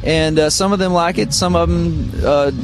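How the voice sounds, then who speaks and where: A middle-aged man from Missouri, a guitarist guest, telling relaxed, rambling stories full of fillers in an interview. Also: on the high side, moderate pace, faint music behind. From Missouri, United States. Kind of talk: casual interview storytelling. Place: radio studio.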